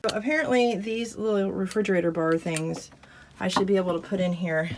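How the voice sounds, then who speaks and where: Inside a small RV, a woman chats to the camera while doing chores, talking fairly quickly in a medium-pitched, fairly even voice. She laughs at herself and sounds out of breath, with a little background noise behind her.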